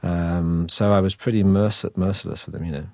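A comic actor in an interview, telling anecdotes with lots of restarts and chuckles. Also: male voice, low-pitched, fairly even intonation, normal speed, a little mellow, dry recording. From Britain. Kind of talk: casual interview chat.

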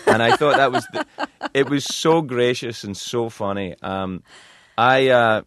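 A man's voice: mid-range voice, measured pace, a bit bright, no echo. A man telling rambling, self-deprecating stories as a guest in a radio studio interview. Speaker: talk show host as guest.

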